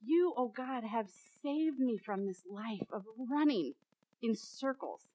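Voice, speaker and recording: A woman's voice: fairly high pitch, expressive, slow, dark tone, dry recording, rough recording. A woman preacher giving a dramatic sermon, repeating phrases and building to emphatic peaks.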